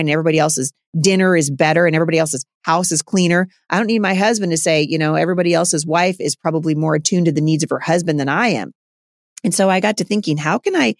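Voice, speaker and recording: Middle-aged woman, gravelly, earnest conversational advice, dry close sound. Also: fairly low pitch, dry recording. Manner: earnest, conversational, many fillers and asides. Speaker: homeschooling mother and speaker answering a listener. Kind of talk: casual advice talk.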